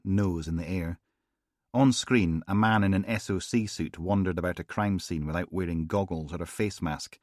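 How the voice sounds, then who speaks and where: Brief: a very deep male voice, measured audiobook narration, close dry studio mic. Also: dry recording. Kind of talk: scripted narration.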